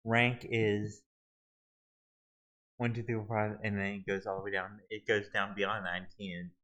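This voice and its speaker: A man with a fairly low voice narrates a screen-recorded tutorial. He talks casually and haltingly, often breaking off and restarting his sentences as he clicks through the page. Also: little pitch movement, fairly bright tone, rough recording. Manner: halting, many restarts and fillers. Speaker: video tutorial host.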